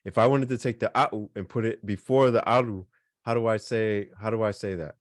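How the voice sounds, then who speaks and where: A man's voice: lowish voice, fairly even intonation, a little fast, no echo, studio quality. A man teaching a beginners' language class, explaining casually with lots of fillers and repeated examples. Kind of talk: online class lesson.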